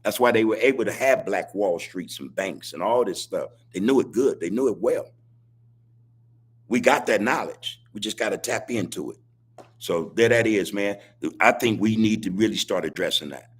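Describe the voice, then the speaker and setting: A man talks to his live chat in a podcast monologue, repeating lines and preaching in casual street slang. His voice sits low and has a husky grain to it. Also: lively intonation, moderate pace. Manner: preachy, repetitive street talk, laughs as he speaks. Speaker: podcast host.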